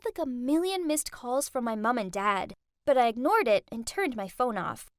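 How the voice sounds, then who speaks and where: Young woman, storytime narrator, high and very animated, dry close mic. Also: no echo. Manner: lively, dramatic first-person telling.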